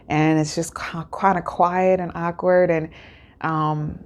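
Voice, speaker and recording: A woman talks through an episode recap in an easygoing, rambling way. Her voice sits a little on the low side. She is full of fillers and restarts. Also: level tone, slow, a little mellow. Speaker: host.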